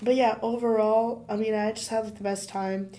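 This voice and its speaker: A woman co-hosts a chatty podcast, her voice worn hoarse by illness. She tells her story excitably, breaking into laughter and leaning on "like" throughout. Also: on the high side, moderate pace. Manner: excitable, laughs often, fillers like "like". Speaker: podcast co-host. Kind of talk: casual chat, animated storytelling.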